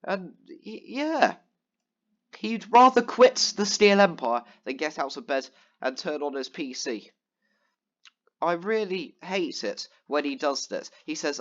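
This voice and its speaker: Fairly high-pitched and animated yet slow, a gaming vlogger rambles in exasperation about a gaming friend, stumbling through fillers and restarts. The commentary over gameplay comes through a muffled recording.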